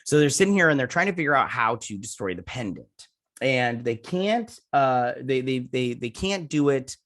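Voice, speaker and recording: A man's voice: medium pitch, expressive, moderate pace, a bit bright. A man hosting a casual show review, rambling through scene recaps with lots of "he's like" retellings and jokey asides about himself. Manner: self-mocking jokey asides. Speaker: host.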